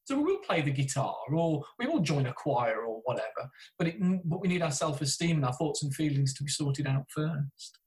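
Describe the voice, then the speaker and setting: Lively British man, chatty storyteller. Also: fairly high pitch, fairly quick, low-quality recording. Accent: British English. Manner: chatty, self-deprecating storyteller with frequent restarts. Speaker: therapist and podcaster. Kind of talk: candid interview conversation.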